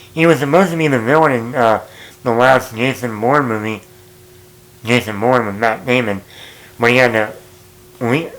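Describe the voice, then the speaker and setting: A man's voice: mid-range voice, fairly bright tone, low-quality recording. Rambling casual male movie vlogger. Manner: rambling, self-correcting, chuckles at own jokes.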